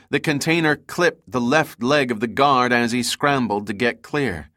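A man reading an action novel aloud as an audiobook narrator, with steady dramatic storytelling. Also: medium pitch, no echo, clean studio sound.

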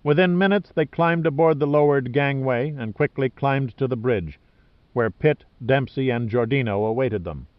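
Steady male audiobook narrator, dull dry sound. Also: medium pitch, moderate pace, dry recording. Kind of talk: scripted narration.

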